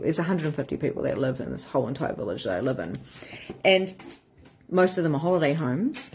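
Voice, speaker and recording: A woman's voice: lowish voice, breathy edge. A woman in her thirties, a spiritual empowerment coach, talking frankly and with energy to her members, swearing casually. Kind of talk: casual live-stream talk to members.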